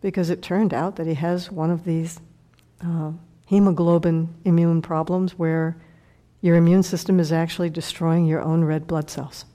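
A woman's voice: fairly low pitch, level tone, moderate pace, warm tone. A middle-aged woman, a meditation teacher, telling a heartfelt personal story in a dharma talk and sometimes dropping to a whisper.

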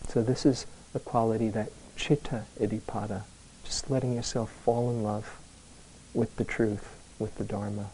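A man giving a dharma talk to a live group as a meditation teacher, telling a personal story slowly, with hesitant restarts. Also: lowish voice, flat delivery, mellow, slight background noise, rough recording.

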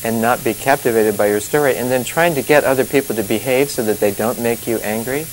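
A man's voice: medium pitch, fast talker, poor audio. A male meditation teacher talks loosely and conversationally, stopping often to chuckle and check in with "you see?" His speech wanders and restarts. A faint hiss sits under the recording. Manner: chatty, rambling, laughs often, many "you know" and "you see" asides. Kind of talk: informal dharma talk.

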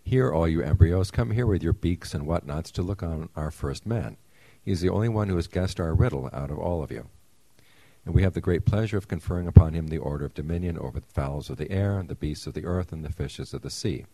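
A genial creator god from a spoken fable booms out his pronouncements in a very deep, dark, husky voice, as a man reads him aloud. The sound is close and dry. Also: fairly quick, no room sound, poor audio. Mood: benevolent.

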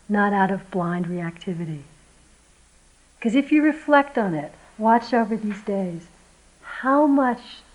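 A woman teaching meditation at a retreat, giving a gentle, reflective dharma talk and sometimes acting out voices as she tells a story. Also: medium pitch, rough recording.

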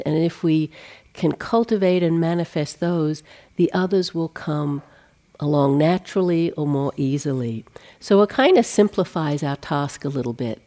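A middle-aged woman meditation teacher giving a dharma talk on retreat, telling stories in a gentle, unhurried way with light humor. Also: sits low.

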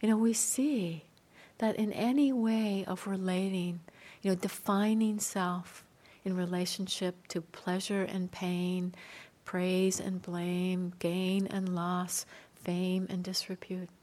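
A woman meditation teacher giving a dharma talk in a gentle, soft-spoken, unhurried way, with light laughter between points. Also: fairly low pitch, steady tone.

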